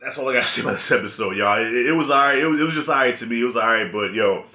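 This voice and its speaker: A man's voice: mid-range voice, rapid-fire, sharp tone, reverberant. A man giving a casual spoken review of a TV episode, loose and rambling, with slangy, profane talk. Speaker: video reviewer.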